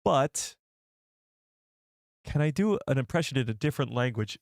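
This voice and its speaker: A man's voice: mid-range voice, lively intonation, normal speed, creaky, dry recording. A man hosts a live stream in a loose, rambling chat. His voice sits mid-range and sounds dry and close to the mic. He often trips over his words and corrects himself. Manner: chatty, rambling, self-correcting. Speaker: host of a live show. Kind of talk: casual live-stream commentary.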